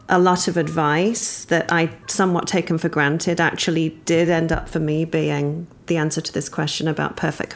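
A woman from England, a podcast guest, telling a personal story thoughtfully with many pauses and ums. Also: fairly low pitch.

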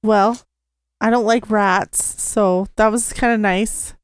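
A woman co-hosting a casual movie review podcast, mostly giving brief replies and quick remarks. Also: medium pitch, fairly even intonation, clear, resonant tone, dry recording. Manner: brief replies and backchannels, chatty. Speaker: podcast co-host.

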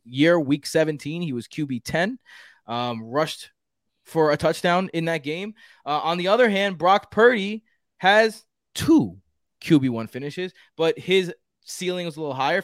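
A man hosting a casual sports podcast, talking in a fairly high voice for a man. He is chatty and loose, full of fillers and restarts. The sound is dry and close. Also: dry recording. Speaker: podcast co-host. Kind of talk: casual fantasy football talk.

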